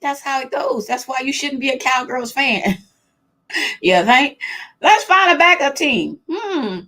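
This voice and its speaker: A fairly high-voiced woman hosts a casual live-stream chat from home. She is chatty and excitable, laughs often and talks straight to the people watching. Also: unhurried. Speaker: host of a live chat show.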